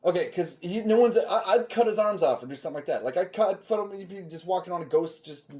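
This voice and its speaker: A man's voice: sits high, animated, fast talker, a little mellow. Profane, riffing male podcast co-host. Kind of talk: casual chat.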